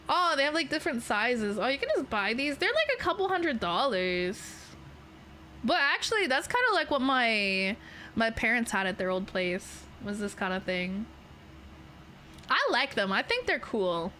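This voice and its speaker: This young Canadian streamer, a VTuber broadcasting from her bedroom, has a slightly high voice that sounds pushed and bright, with a Canadian accent. She rambles playfully through casual chat, laughing frequently, with some hiss or hum present.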